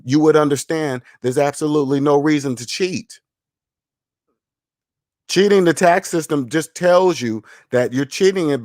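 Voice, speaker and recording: A man's voice: on the high side, darkish tone, dry recording, clean studio sound. A man hosting a money channel, lecturing in casual livestream commentary, emphatic and repetitive, answering viewer chat. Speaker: finance channel host.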